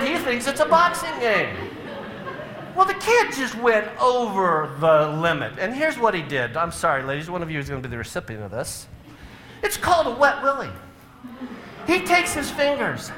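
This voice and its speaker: A man's voice: high voice, pushed and bright, slight background noise. A middle-aged man speaking to a live audience, telling humorous family stories and acting out the scenes with big swings in his voice.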